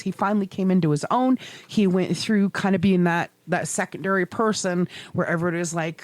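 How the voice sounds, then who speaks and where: Middle-aged woman, podcast co-host; low-pitched, profane, animated storyteller; dry close mic. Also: normal speed, no echo. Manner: animated, swearing, laughing storyteller. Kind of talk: casual chat.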